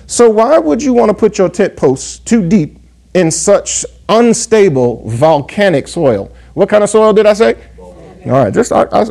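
Man preaching with a dark, warm voice. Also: high voice, vocal fry. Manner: call-and-response asides, frequent "yes?" and "amen?"; reads scripture aloud in King James wording. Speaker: pastor. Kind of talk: sermon.

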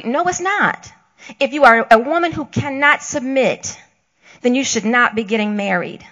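A woman's voice: fairly high pitch, moderate pace, a bit bright, muffled recording. A woman co-hosting a Christian talk show, preaching emphatically and acting out the voices she quotes.

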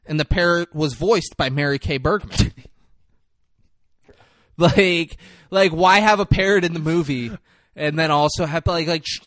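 A man's voice: a little high, measured pace, long pauses, a bit bright, no echo. A man casually recapping a movie on a podcast, swearing, laughing and acting out the characters' lines. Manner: profane, laughing, acts out scenes. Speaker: podcast co-host.

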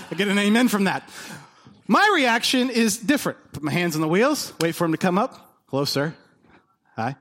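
A man in his thirties preaching a sermon, telling personal stories and acting out the dialogue in them. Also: a little high. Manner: animated storytelling, acts out dialogue. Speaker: pastor.

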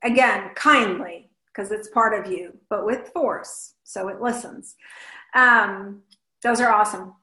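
A woman giving an animated motivational talk, acting out her own inner voice in little scenes. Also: medium pitch, slow, roomy sound, low-quality recording. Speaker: host and speaker.

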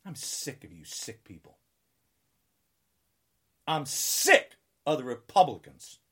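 A man's voice: on the high side, creaky, slightly rough. A man in his sixties delivering an angry political rant, combative and taunting, with heavy repetition. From United States. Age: 60s. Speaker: political ranter.

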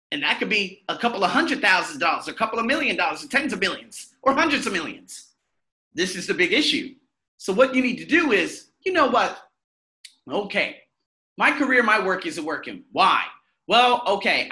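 A man's voice: high voice, sharp tone. A man hosting a self-help podcast, talking bluntly and with lots of swearing. He asks himself questions and answers them in a candid motivational monologue.

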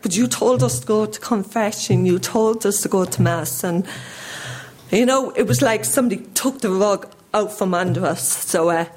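Irish woman telling her testimony at church, earnest, chatty, bit shaky. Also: mid-range voice. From Ireland. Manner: earnest, conversational, with many restarts. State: voice shaky with emotion. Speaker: church member giving testimony.

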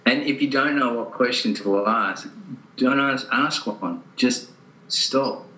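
A man hosting a conversation, talking earnestly about spirituality with fillers and pauses. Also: mid-range voice, bright, forceful tone, echoey room, low-quality recording. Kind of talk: reflective spiritual talk.

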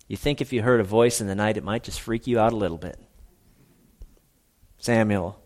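A male pastor preaching a sermon, telling the story dramatically with big swings between loud and hushed. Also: medium pitch, fairly even intonation, moderate pace.

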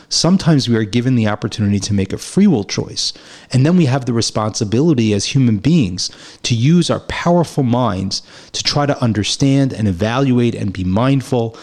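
A man's voice: medium pitch, darkish tone. A man giving a reflective spiritual teaching, telling a parable and repeating phrases for emphasis.

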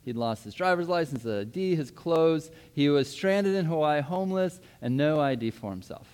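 A man in his thirties, a pastor giving a sermon, telling a personal story in a lively way and acting out his own past words. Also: a little high, normal speed, clean tone. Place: church.

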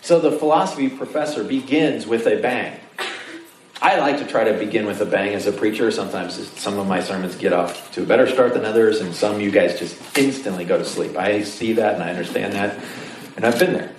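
Preaching quickly in a lowish voice, this man keeps his sermon casual and full of jokes, imitating the voices of his congregation. The sanctuary recording sounds roomy and distant, with faint noise.

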